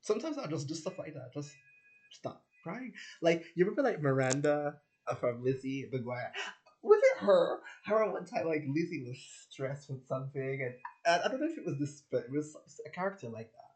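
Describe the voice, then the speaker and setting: A man's voice: on the high side, expressive, fairly quick, hardly any pauses, darkish tone. A young man telling stories in a casual, rambling vlog monologue, packed with filler words and swearing, acting out the people he quotes. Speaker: vlogger.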